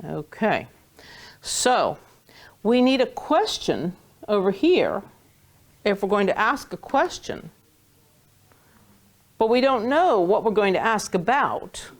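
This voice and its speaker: A woman's voice: medium pitch, very animated. A woman teaching a Hebrew reading lesson to a small class, patient and playful, stretching out key words. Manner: patient, playful, drawn-out words when stressing.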